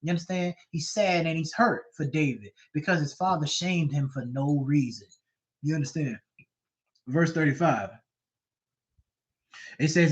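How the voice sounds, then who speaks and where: A male bible teacher reads verses aloud and explains them in loose, animated everyday talk. He keeps checking with his listeners, asking if they understand. His voice is high-pitched, and the recording sounds dull and lo-fi. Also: a little slow, long pauses.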